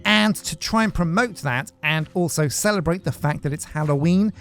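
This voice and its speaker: A man's voice: on the high side, moderate pace, fairly bright tone, soft background music. A man hosting a gaming video, giving casual gameplay commentary in a joking, rambling, self-mocking way. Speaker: gaming channel host.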